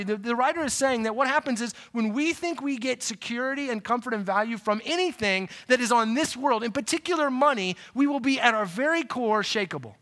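A middle-aged male pastor delivering a sermon in a high, bright voice. He talks to the congregation like a conversation, checking in with "right?" and dropping from loud, driving emphasis to soft, quiet asides. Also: lively intonation, fairly quick, hardly any pauses.

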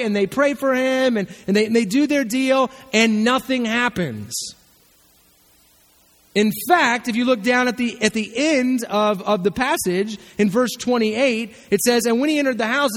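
High-voiced preacher in a reverberant hall. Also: male voice. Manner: animated storytelling, acting out voices. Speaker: pastor. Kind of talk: sermon.

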